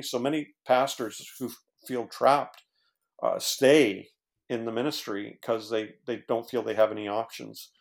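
A man's voice: medium pitch, fairly even intonation, a little slow, creaky. A man, a former pastor, earnestly telling his own story as a podcast guest, with many fillers and restarts. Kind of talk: casual storytelling in conversation.

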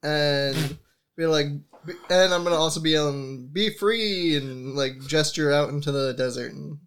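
A man playing in a tabletop game who calmly declares his character's actions. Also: a little high, normal speed, clean tone. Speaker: player.

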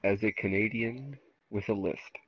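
A man co-hosting a casual podcast, animated as he reads out listener reviews. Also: on the low side, moderate pace, lo-fi sound, noisy background. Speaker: podcast co-host.

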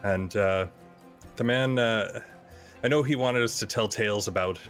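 A man playing a tabletop game, giving an in-character eulogy in a halting, earnest way with many fillers. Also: lowish voice, fairly bright tone, soft background music. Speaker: player.

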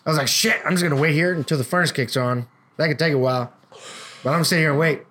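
A man's voice: on the high side, very fast, a bit bright, a little hiss or hum. A man co-hosting a casual podcast, telling a work story with lots of swearing and acted-out quotes. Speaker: podcast co-host.

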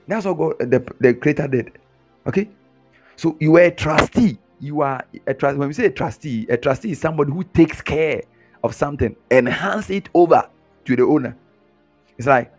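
A man preaching a sermon, teasing his listeners with mocking imitations and chuckles. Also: fairly high pitch. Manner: animated, mocking mimicry, frequent chuckles.

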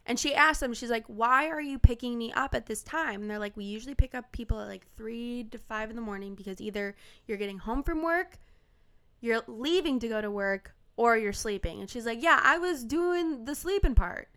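A young woman in casual chat, telling a story with animated acted-out quotes. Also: a little high, fairly quick, smooth.

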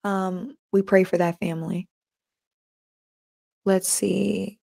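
A woman's voice: mid-range voice, fairly even intonation, unhurried, gravelly, pauses often. Chatty woman hosting a live stream. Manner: chatty, addresses listeners as y'all, reads comments aloud. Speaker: podcast host reading live chat. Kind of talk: casual live-stream faith talk.

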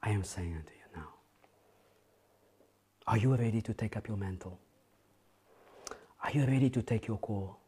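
A man preaching an impassioned sermon, often shouting, then dropping to a hushed intensity. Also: lowish voice, breathy edge.

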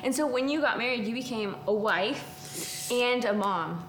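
A woman's voice: a little high, lively intonation, moderate pace, a bit bright, slight background noise. Encouraging woman host in an echoey room. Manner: encouraging, lots of short agreeing replies. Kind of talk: casual chat. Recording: roomy room with audience.

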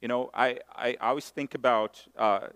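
A middle-aged man from Brazil, preaching a sermon and telling stories in a self-mocking, animated way. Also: mid-range voice, normal speed, clear, resonant tone. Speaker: pastor. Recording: long hall reverb.

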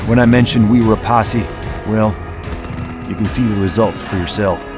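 A man's voice: fairly low pitch, normal speed, close to an everyday voice. A man voicing a stern, formal lawman who speaks in clipped, precise sentences, over music. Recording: music playing underneath.

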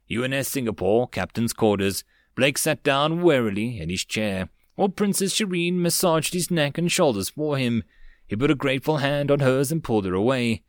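A man narrating an audiobook of a web novel in a steady, even reading voice. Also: mid-range voice, normal speed, no echo, clean studio sound.

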